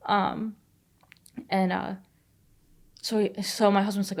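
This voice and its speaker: A woman's voice: medium pitch, darkish tone. Young adult woman, casual storytelling, rambling with many "like" fillers, swears. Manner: fast, filler-heavy retelling with frequent "like" and swearing. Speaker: guest.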